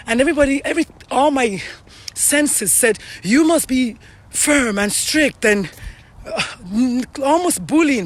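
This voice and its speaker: A middle-aged Nigerian woman hosts a casual live stream outdoors, chatting earnestly to her viewers while breathless from walking uphill. Her voice is a little high.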